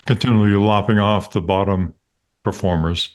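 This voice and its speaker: A man on a podcast, dry-witted and analytical, delivering wry one-liners. His voice sits slightly low. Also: steady tone, normal speed. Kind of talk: podcast discussion.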